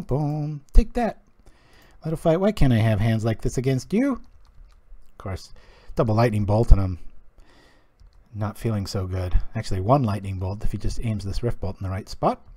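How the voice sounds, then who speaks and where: A man casually commenting on his own card game as he plays, chatty and joking, thinking out loud. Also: lowish voice, no room sound. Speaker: streamer playing a card game.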